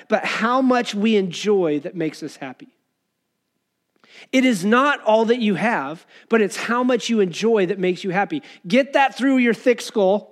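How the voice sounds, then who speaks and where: A man preaching an earnest, conversational sermon, acting out people's complaints as he goes. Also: high voice. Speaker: pastor.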